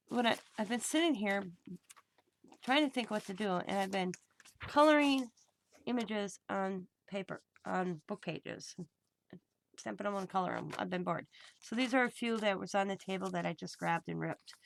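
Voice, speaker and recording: A woman's voice: medium pitch, gravelly, fairly bright tone, a little hiss or hum. A middle-aged woman hosting a crafting video, chatting casually and telling rambling stories at her craft table at home. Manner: rambling storytelling with reported dialogue. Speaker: crafting channel host.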